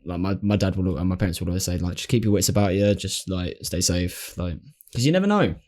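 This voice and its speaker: A young man, co-hosting a podcast in casual chat, reacting to and asking about his friend's stories. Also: low-pitched. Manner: relaxed listener with quick reactions. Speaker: podcast co-host.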